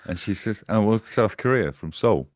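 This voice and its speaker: A man's voice: fairly low pitch, animated, normal speed, no echo, studio quality. A man hosting a casual political chat over a video call, telling stories and acting out the voices of the people in them. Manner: storytelling, acts out quoted voices. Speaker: host.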